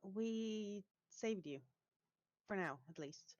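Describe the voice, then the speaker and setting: A woman speaking as a player in a tabletop game, calm and reassuring. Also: mid-range voice, slow pace, dry recording, dull audio. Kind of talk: playing her character in a tabletop game.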